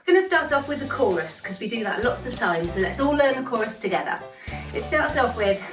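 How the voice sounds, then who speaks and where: Upbeat woman dance teacher, higher voice, cheering on a class and chanting lyrics in time; roomy, mic a little way off. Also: a bit bright, distant mic. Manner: upbeat and encouraging, chants lyrics slowly to demonstrate. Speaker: dance instructor. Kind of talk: instructional dance tutorial.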